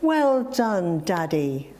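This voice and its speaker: A woman's voice: on the low side, big pitch swings, takes it slowly, mellow, full character voice. A woman reading out the lines of a small boy in a story, childlike and insistent. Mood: proud, bossy. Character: small boy, proud and bossy.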